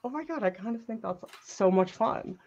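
Animated woman chatting while painting. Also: mid-range voice, moderate pace, lo-fi sound. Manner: animated, chatty, laughs often. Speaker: art instructor and co-host. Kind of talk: casual chat while painting.

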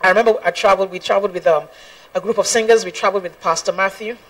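A woman's voice: medium pitch, steady tone, racing, recorded from a distance, low-quality recording. A woman gospel singer giving an earnest personal testimony, laughing often and quoting scripture.

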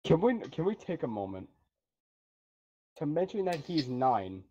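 A man's voice: a little high, big pitch swings, unhurried, mellow. Young man swearing in muffled game chat. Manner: incredulous, swearing, theatrical outbursts. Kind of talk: casual gaming voice chat. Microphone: gaming headset.

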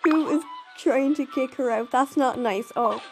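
High-voiced chatty woman over game music. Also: measured pace, rough recording. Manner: chatty and excitable, gasps and exclaims. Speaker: game player narrating gameplay. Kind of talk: casual gameplay commentary. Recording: game music playing behind.

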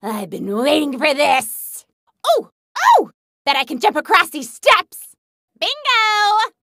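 A woman's voice: sits high, huge pitch swings, slow pace, sharp tone, no echo, studio quality, full character voice. A woman voicing a hyper, gleeful young huntress in a video game who loves smashing things, bubbly and bouncy. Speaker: game character.

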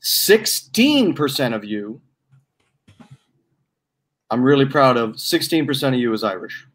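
A man's voice: mid-range voice, very animated, unhurried, a bit bright. A man in casual chat, playful and teasing, stretching out each reveal. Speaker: guest presenter.

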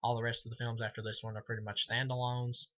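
A man's voice: medium pitch, level tone, fast talker, fairly bright tone, lo-fi sound. A man giving a casual, profane movie review, rambling with many fillers and laughing at his own jokes. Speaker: film reviewer.

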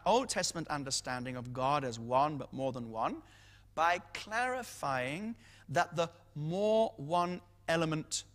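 A man with a high-pitched voice teaches from scripture in a sermon. He leans on key phrases and repeats them for emphasis. His voice carries a long reverb, as if he is in a big hall. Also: fairly bright tone. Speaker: Bible teacher.

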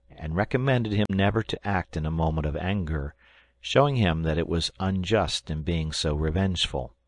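A man giving measured, scripted narration of an audiobook. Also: low-pitched, no echo. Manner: measured storytelling reading.

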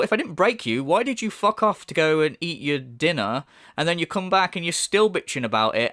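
A man's voice: fairly high pitch, a bit bright, no echo, studio quality. Mocking, profane man ranting. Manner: profane, mocking, sarcastic rant. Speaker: YouTube commentator. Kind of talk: angry reaction commentary.

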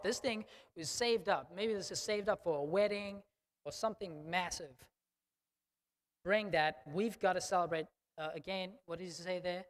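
A man's voice: sits high, moderate pace. Man, pastor, sermon, emphatic, conversational, long church reverb. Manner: emphatic, conversational, frequent "okay?". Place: church sanctuary.

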